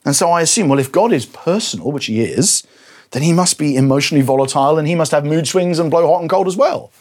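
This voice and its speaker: A man preaching a sermon, animated, taking on the voice of God's words with rising intensity. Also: fairly high pitch, quick pace. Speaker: pastor.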